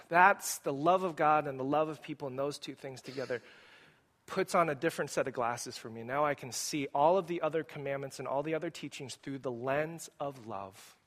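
High-voiced animated male pastor preaching. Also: brisk. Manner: animated, rising emphasis, asks the congregation questions. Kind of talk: sermon. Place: church sanctuary.

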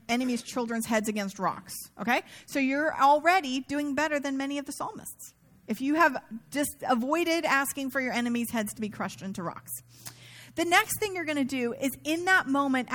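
A woman's voice: high-pitched, a bit bright. A middle-aged woman pastor giving a sermon in a conversational, self-mocking way, acting out quoted asides.

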